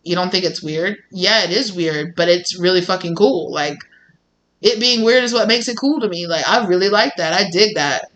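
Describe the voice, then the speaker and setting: A woman with a bright, sharp voice pitched a bit low gives a loose, chatty tarot reading. She rambles with lots of fillers and slips into quick acted-out quotes of what people say. Her delivery stays casual and unscripted throughout. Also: expressive, low-quality recording. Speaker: tarot reader.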